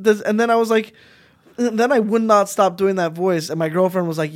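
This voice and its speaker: A comedian from Montreal chatting as a podcast guest, telling animated, rambling stories with lots of restarts. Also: male voice, high voice, fairly quick. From Montreal, Canada. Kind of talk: casual podcast chat.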